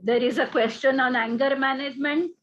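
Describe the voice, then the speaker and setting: A polite woman moderating a seminar, her voice fairly high and slightly hesitant. The recording sounds dull and lo-fi. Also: steady tone, fairly quick. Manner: polite, hesitant with many fillers.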